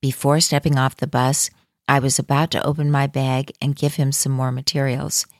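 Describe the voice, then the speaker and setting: A woman with a low voice reads a first-person account in calm, measured scripted narration. Her voice sounds dry and close, with no room around it. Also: no echo.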